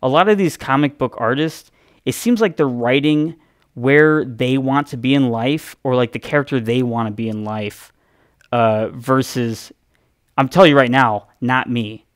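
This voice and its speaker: A male streamer rambles through a story, swearing and breaking off his own sentences as he goes. His voice sits at a middle pitch. The sound is dry, with no room echo. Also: measured pace. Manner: rambling, profane, self-interrupting. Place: home streaming setup.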